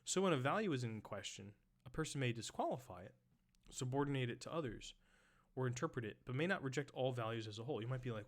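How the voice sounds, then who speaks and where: A man with a voice of middling pitch is reading a dense text aloud for a live-streamed close reading. He keeps stopping to explain it in a loose, casual way, with restarts and the odd whispered aside. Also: lively intonation, fast talker.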